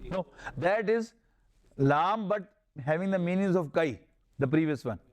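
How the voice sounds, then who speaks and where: Man, Pakistani accent, high-pitched, classroom lecture, patient step-by-step explaining. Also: lively intonation, unhurried. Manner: explains step by step, repeating terms and reciting Arabic verses. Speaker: Arabic grammar teacher.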